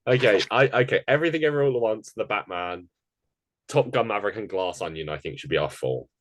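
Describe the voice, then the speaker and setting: Low-voiced man reading award picks. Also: lively intonation, no room sound. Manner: chatty, running through award picks in quick lists. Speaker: podcast co-host. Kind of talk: casual chat.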